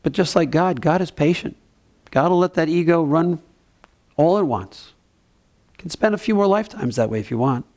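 A man giving a gentle, conversational mindfulness talk with playful asides. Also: on the high side. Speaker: spiritual teacher.

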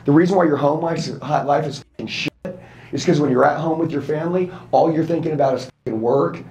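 A sales trainer in his thirties, with a fairly high-pitched, darkish voice and a slightly fast delivery, gives a fired-up motivational seminar talk. He's blunt, profane, and confrontational toward the roomful of people he's addressing.

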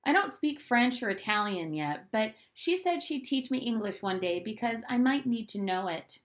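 A woman reading aloud, voicing a quiet, thoughtful nine-year-old boy in a storybook. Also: a little high, lively intonation, moderate pace, voice pushed up, close to an everyday voice.

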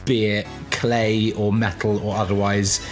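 A man's voice: on the low side, level tone, a little slow, faint music behind. A man playing a tabletop game, wryly poking fun at his own character. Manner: wry self-deprecating asides about his character. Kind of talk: casual game table talk.

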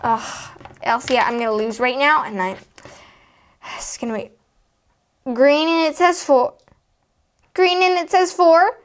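A woman voicing little toddler girl dolls playing a board game, high and excitable, squealing when things go wrong. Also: unhurried, pauses often. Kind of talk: doll play narration.

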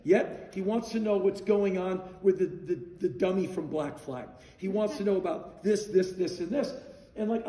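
A man in his sixties telling a casual anecdote in an animated, emphatic way, acting out the dialogue. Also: high-pitched. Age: 60s. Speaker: storyteller guest. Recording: roomy sound, distant mic.

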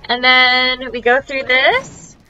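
A woman streaming a game, talking at an unhurried pace in a bright, high voice that jumps all over the place. She is playful and breaks into chanted nonsense syllables. The stream audio sounds crunchy and dull, with faint music behind her. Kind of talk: casual gameplay commentary.

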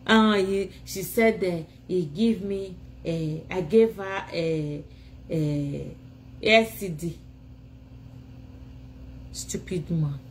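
A woman's voice: lowish voice, slow pace, low-quality recording. Woman, Nigerian accent, ranting live video, scolding, insulting, tired, phone mic, faint hiss. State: tired, sleepy. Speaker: vlogger.

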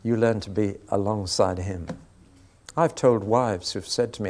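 A man's voice: fairly low pitch, steady tone, normal speed, darkish tone. A man preaching a sermon, telling anecdotes with dry humour.

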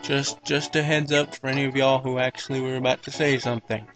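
A man's voice: medium pitch, level tone, a little fast, music in the background, rough recording. A man casually commentating on a video game he plays, joking and mocking himself. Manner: joking, self-mocking asides. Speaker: let's play commentator.

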